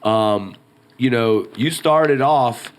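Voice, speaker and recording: A man's voice: mid-range voice, very slow. A man hosting an interview, casual and joking as he prompts his guest. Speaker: host. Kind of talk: interview conversation.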